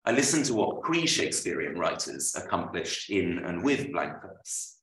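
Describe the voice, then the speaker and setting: A man, an author, reading a prepared lecture aloud at a book launch, with measured, dryly witty delivery. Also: sits low, big pitch swings, fairly bright tone. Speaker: author presenting his book. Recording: roomy, voice from far off.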